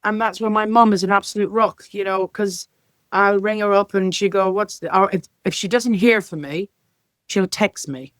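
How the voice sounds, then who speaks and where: A middle-aged Irish woman who leads in the care sector appears as a podcast guest, telling lively stories and acting out their dialogue. Her voice is medium-pitched at a normal speed, with no echo.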